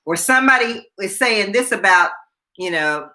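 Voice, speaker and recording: An older woman hosting a relaxed chat show. Her voice is bright and forceful, and she tells her stories with animation, putting on the voices of the people she quotes and laughing along the way. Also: mid-range voice, normal speed. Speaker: host. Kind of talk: casual storytelling chat.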